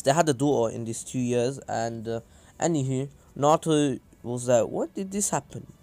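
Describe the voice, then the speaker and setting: A man's voice: medium pitch, a little mellow. A man casually improvising a fan story, rambling with many fillers and asides. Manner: rambling, full of "uh" and "anywho".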